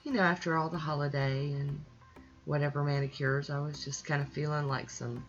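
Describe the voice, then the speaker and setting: Lady with a deep voice doing a laid-back nail polish voiceover, gushing over colors. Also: steady tone, a little fast, muffled recording, faint music behind. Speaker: nail polish channel host. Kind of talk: casual voice-over tutorial.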